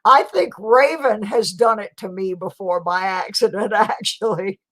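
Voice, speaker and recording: A woman's voice: mid-range voice, unhurried, a bit bright, rough recording. A woman hosting her own live stream, chatting casually with viewers and laughing often. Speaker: channel host.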